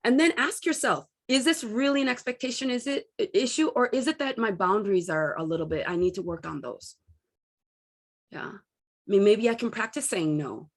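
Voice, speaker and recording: A woman's voice: mid-range voice, normal speed. A middle-aged woman giving a candid self-help talk as a coach, telling personal stories and acting out what people said. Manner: candid, storytelling, animated quoting.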